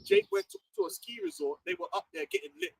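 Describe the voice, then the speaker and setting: A man with a London accent, preaching and chatting in an animated group talk, often laughing and mimicking others. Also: very high-pitched, fast talker, gravelly, poor audio. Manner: animated, laughing, mocking voices. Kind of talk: casual group discussion.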